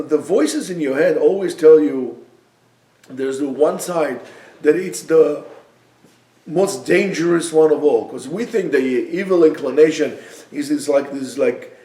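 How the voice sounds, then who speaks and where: A man from Israel, teaching a yeshiva class with animated storytelling and bursts of loud emphasis. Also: on the high side, far from the mic. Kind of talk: classroom lecture. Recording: echoey room, speaker away from the mic.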